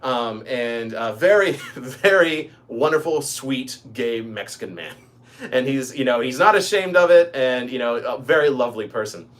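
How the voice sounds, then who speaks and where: A man's voice: mid-range voice, animated, normal speed, a bit bright. A man from Kentucky hosting a casual livestream, rambling with many ums and restarts. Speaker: livestream host.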